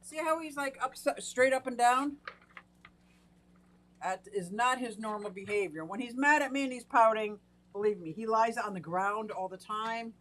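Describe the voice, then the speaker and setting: A woman's voice: on the high side, moderate pace, a bit bright. A middle-aged woman hosting a casual live stream from her fish room at home, chatting away and greeting viewers by name. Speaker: aquarium hobbyist live-stream host.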